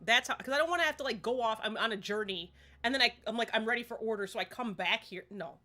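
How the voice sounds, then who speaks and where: A woman's voice: fairly high pitch, fast talker, pushed and bright, faint music behind. A woman chatting casually while streaming a game, rambling and laughing often. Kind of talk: casual live-stream gaming chat.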